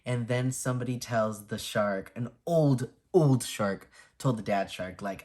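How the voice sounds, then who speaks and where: Brief: chatty young woman vlogger with a low voice, giggly, playful, acts out quotes while recapping. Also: a little slow, few pauses, darkish tone. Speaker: movie reviewer and vlogger. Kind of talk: casual chat.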